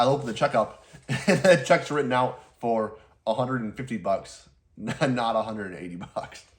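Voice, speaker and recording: With a mid-range voice, the owner of a lawn care business, a young man, rambles through a casual story. Laughter comes often, and so does the occasional curse.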